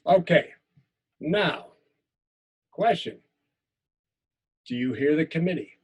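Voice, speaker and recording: A man teaching a writing class, reading a personal story aloud in an earnest way, with halting restarts. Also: a little high, animated, husky.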